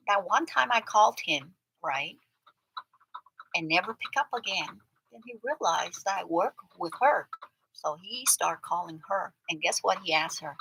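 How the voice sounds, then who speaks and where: A woman hosting a livestream, telling a story to her chat in a chatty way that swings from loud outbursts to muttered asides. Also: medium pitch, a little hiss or hum, rough recording. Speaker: livestream host. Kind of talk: casual storytelling to a live chat.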